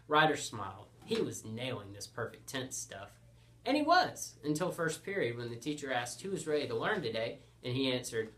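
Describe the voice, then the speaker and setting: A man narrates a comic story with a bright, clear voice. His delivery is playful and deadpan, pitched at a middle register. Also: moderate pace. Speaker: storyteller host.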